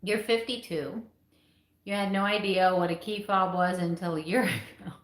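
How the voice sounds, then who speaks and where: A woman in her fifties chatting casually on a live stream, animated and sarcastic, laughing often. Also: on the low side, moderate pace, echoey room. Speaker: vlogger.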